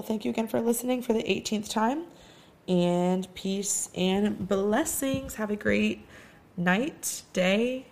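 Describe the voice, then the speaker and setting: Chatty woman podcast host, lowish voice. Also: a little mellow. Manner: chatty, heavy use of "like" and "um". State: sore throat. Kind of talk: casual solo podcast rant.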